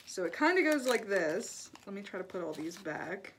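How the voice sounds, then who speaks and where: A young woman gushes through a casual chat, packed with "like"s and excited exclamations. Her pitch sits mid-range for a woman. Faint noise hangs behind her, along with paper crinkling and clicks. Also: moderate pace. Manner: gushing and chatty, many "like"s, excited exclamations. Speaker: YouTuber opening fan mail. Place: indoor studio.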